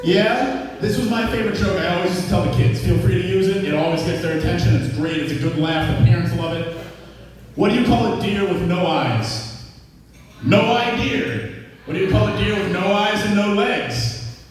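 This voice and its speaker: A man's voice: high-pitched, brisk, slight background noise. A man from Massachusetts with a Massachusetts accent, a stand-up comedian with a crude style who teases the crowd. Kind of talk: stand-up set. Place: comedy club. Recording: echoey club, far-off mic.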